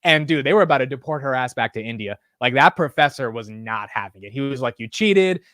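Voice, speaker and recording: A man's voice: medium pitch, fast talker, bright, forceful tone, dry recording, clean studio sound. A man hosting a live stock market show in casual commentary, rambling and blunt with casual swearing.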